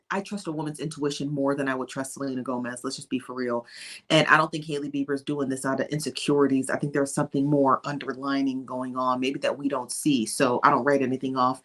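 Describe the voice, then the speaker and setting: Low-voiced woman hosting a live chat. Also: fairly bright tone. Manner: chatty, greets viewers by name, drops into whispers. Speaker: livestream host. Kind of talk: casual live-stream chat.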